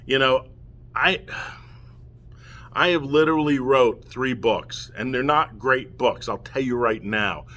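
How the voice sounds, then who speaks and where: A middle-aged man rants to the camera in a heated, emotional outpouring. His voice sits at an ordinary pitch but comes out forceful and tense. He keeps pressing his point and asking "okay?". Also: slow, pauses often. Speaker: father speaking out against family courts. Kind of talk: impassioned direct-to-camera rant.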